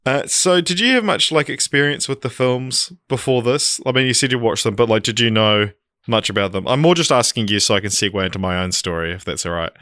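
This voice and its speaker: A young man on a podcast, telling a rambling story and laughing often. His voice is forceful and bright. The sound is close and dry. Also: mid-range voice, animated, fairly quick, no room sound. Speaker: podcast co-host. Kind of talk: casual chat.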